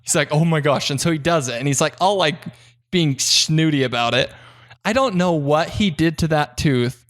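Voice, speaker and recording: A young man co-hosting a podcast in casual chat, telling a story with lively voices for each side. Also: moderate pace. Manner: animated storyteller, acts out both sides with big pitch jumps. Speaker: podcast co-host. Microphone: desk podcast mic.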